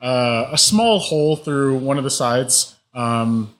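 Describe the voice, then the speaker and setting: A man's voice: mid-range voice, takes it slowly, a bit bright. A man narrating a tabletop game as game master, describing scenes and rules in a casual way with plenty of fillers.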